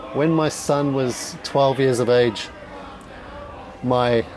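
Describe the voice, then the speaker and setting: Middle-aged aussie guy telling his own story, blunt and sweary, lots of ums, faint noise behind. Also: mid-range voice. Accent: Australian. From Australia. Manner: candid and raw, swears often, halting with fillers. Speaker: speaker at a dinner talk. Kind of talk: personal storytelling talk.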